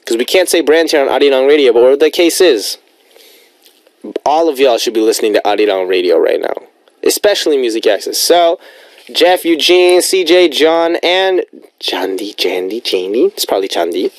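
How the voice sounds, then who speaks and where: A man's voice: mid-range voice, expressive, brisk, no echo. A young man hosting a radio show in a studio, chatting casually and rambling playfully between listener messages. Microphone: studio microphone.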